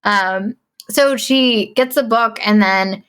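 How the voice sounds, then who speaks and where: A woman's voice: on the high side, slow, fairly bright tone, smooth. A woman co-hosting a podcast, recapping a film's plot in casual, chatty talk full of fillers. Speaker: podcast co-host.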